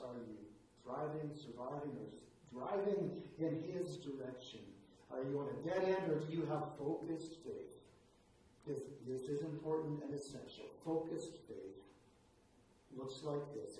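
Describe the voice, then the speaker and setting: A man preaching a sermon in an earnest way, moving between hushed and emphatic delivery. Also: a little high, expressive, a little slow. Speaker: pastor. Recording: echoey room, voice from far off, faint noise.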